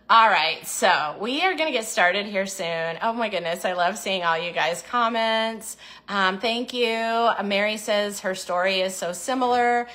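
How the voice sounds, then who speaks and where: A woman's voice: medium pitch, bright, forceful tone. A woman hosting a casual livestream, talking encouragingly about food choices and reading viewer comments aloud. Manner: acts out little inner voices in quotes. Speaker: diet program host.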